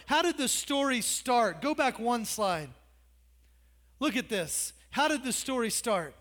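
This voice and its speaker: A man's voice: extremely high pitch, animated, unhurried, a bit bright. A man preaching a sermon, in a conversational way with joking asides and teasing remarks to the congregation. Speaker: pastor.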